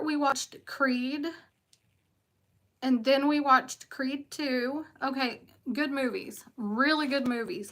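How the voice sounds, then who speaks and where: A woman's voice: high voice, sharp tone, rough recording. A woman with a West Virginia accent, a tarot reader chatting casually on a livestream, rambling and greeting commenters by name.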